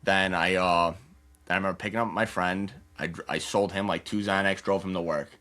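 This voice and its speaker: Fast-talking low-voiced young man. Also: steady tone, bright, forceful tone. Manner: rapid, loose storytelling full of "like" and acted-out quotes. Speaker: podcast guest. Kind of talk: candid personal storytelling.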